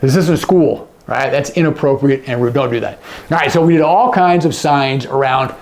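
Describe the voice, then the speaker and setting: A man teaching sign language to camera, explaining each sign and often dropping to a hush on the example words. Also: medium pitch, normal speed.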